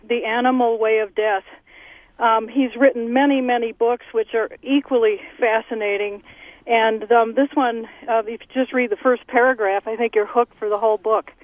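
A woman's voice: on the high side, no room sound. A woman calling in to a radio show, earnestly and enthusiastically recommending something, heard over a phone line. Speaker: caller. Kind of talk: radio call-in.

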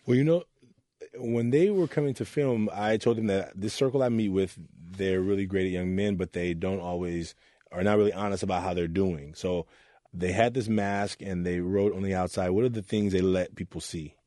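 Man, low and warm, earnest interview storyteller; quotes people in little voices. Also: normal speed, no room sound, clean studio sound. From Oakland, California. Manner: earnest, acts out voices in his stories. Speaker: youth mentor.

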